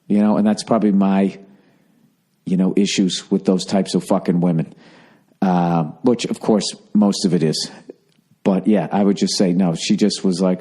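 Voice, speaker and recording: A man's voice: low-pitched, steady tone, moderate pace, mellow, breathy edge. A man in his forties with a Boston accent, telling a rambling, profane, sarcastic story in a casual comedic monologue. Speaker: podcast host.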